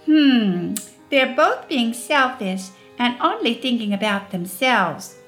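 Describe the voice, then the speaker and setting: A woman voicing an indignant young girl in a storybook reading, with a high childish voice that complains and tattles. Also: animated, slow pace, fairly bright tone, soft background music. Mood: matter-of-fact.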